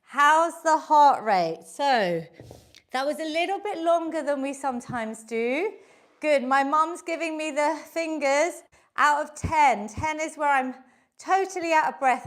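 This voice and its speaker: Exercising alongside her class, a woman leads a live online workout, cheering participants on and coaching the moves. She sounds a little breathy, and her voice is high-pitched.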